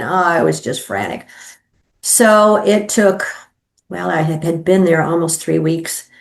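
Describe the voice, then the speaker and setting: A middle-aged woman recounting her near-death experience as an interview guest, halting and full of restarts, acting out her own thoughts. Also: lowish voice, expressive, vocal fry. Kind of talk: personal storytelling.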